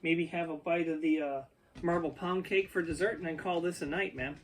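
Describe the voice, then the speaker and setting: A man's voice: on the high side, fairly even intonation, normal speed, soft background music. Chatty man rambling off the cuff. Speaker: YouTube food reviewer. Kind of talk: casual unscripted vlog talk. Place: home basement. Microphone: ear pod.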